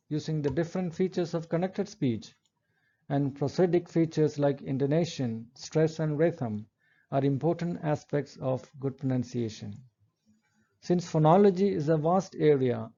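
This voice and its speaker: This fairly high-pitched, mellow male lecturer explains English methodically and reads sample sentences out loud. The high frequencies of the recording are cut off.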